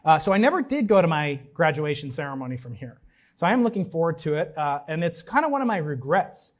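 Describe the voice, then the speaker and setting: A man in his forties or fifties from Long Island, giving a commencement speech with joking asides and halting restarts. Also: a little high, big pitch swings. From New York, Long Island. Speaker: commencement speaker. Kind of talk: ceremonial speech. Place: large ceremony venue.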